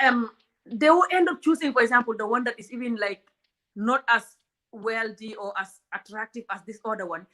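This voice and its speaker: A woman's voice: a little high, fairly bright tone. A woman from Africa hosting a comedic relationship talk, blunt and outspoken, often laughing. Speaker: host.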